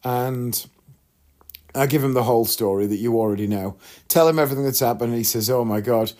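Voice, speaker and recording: A man's voice: medium pitch, a little fast, mellow. A man talking casually to his viewers, open and candid, wandering through asides as he recounts what happened. He slips into the voices of people he met along the way and keeps an easy, conversational flow. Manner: chatty, candid, rambling with asides and quoted voices. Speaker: vlogger. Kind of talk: casual storytelling to camera.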